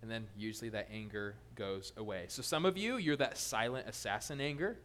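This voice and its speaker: A male pastor preaching a sermon in a lively, joking way, teasing his congregation. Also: on the low side, brisk.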